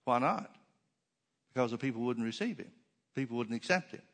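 A man's voice: medium pitch, lively intonation, brisk, a bit bright. A man preaching a sermon to his congregation in a church, emphatic, with many rhetorical questions and repeated phrases. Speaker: pastor.

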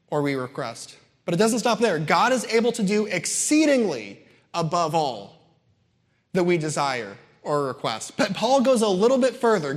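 A man preaching a sermon, emphatic and building his points through repetition, with casual asides to the congregation. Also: high voice. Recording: long hall reverb.

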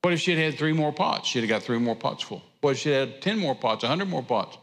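A man's voice: medium pitch, lively intonation, brisk, fairly bright tone, in a large hall. A man preaching a sermon, retelling scripture with an emphatic, repetitive cadence. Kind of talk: sermon storytelling. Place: church sanctuary.

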